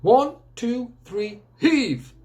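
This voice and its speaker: A man's voice: high voice, very animated, moderate pace, a little mellow, voice pushed up. A man voicing an elderly grandfather who gives orders like a wartime officer. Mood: commanding. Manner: commanding, rallying, mock-military. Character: old man, bossy wartime commander type.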